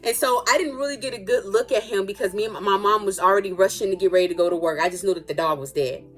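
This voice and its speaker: An adult woman telling a personal story in a casual, animated and dramatic way, with playful asides. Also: medium pitch, fast talker. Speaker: storytime vlogger.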